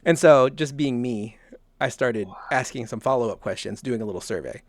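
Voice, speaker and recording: A man's voice: medium pitch, moderate pace. A man from the South, hosting a casual podcast and telling rambling stories with frequent chuckles. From American South. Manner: rambling storyteller, chuckles often. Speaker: podcast host.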